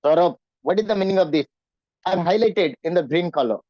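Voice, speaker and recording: High-voiced teacher. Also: male voice, animated, fast, no room sound, dull audio. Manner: repetitive, questioning students, acts out nervous voices. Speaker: English teacher. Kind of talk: online class lecture.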